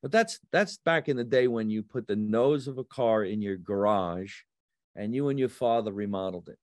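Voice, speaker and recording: Comedian dude telling stories, jumps into voices for quotes, dry mic. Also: male voice, fairly low pitch, moderate pace, no echo. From New Jersey. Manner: animated storyteller, acts out quotes in raised voices. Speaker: comedian guest. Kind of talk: casual storytelling chat.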